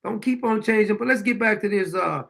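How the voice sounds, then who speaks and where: A man's voice: high-pitched, fairly quick, gravelly, fairly bright tone. A man hosting a talk show, ranting bluntly and profanely in heated political commentary. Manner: talks back to his own clips.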